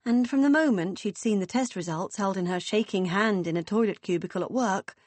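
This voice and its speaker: A woman narrating an audiobook in a measured, expressive reading. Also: mid-range voice, no room sound.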